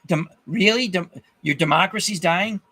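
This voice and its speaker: Speaking at normal speed in a high, husky voice with a bright, forceful tone, a man delivers an angry, profanity-laced rant to his channel's viewers. He keeps repeating himself and starting his sentences over.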